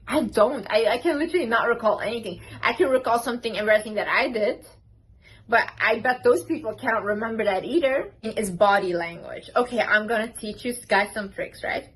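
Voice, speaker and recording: Talking to camera, a young woman vlogger offers casual, emphatic confidence advice, sprinkling in plenty of "like"s and "literally"s. Her fairly high, fairly bright voice is husky and a little fast, and the recording is rough.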